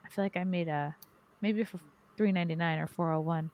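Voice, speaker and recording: A woman's voice: on the low side, fairly even intonation, a little fast, darkish tone. A woman hosting a podcast, chatting casually and reading viewer comments aloud with wry asides. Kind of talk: casual chat.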